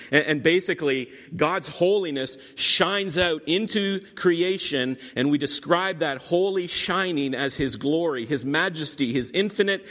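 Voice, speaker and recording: A man's voice: mid-range voice, a bit bright. A man preaching a teaching sermon, explaining scripture with repeated emphasis and dry asides. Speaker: pastor. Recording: long hall reverb.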